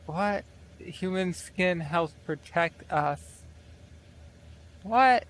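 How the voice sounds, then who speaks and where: A man's voice: high-pitched, animated, extremely slow, fairly bright tone, slight background noise. A man giving casual, profane, incredulous let's play commentary over his game. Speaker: gaming video creator.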